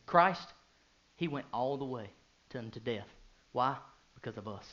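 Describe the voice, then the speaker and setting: A thirty-something man preaches expressively at a normal speed, swinging between soft, low passages and loud, fervent bursts. He asks his listeners many rhetorical questions, and the recording is muffled.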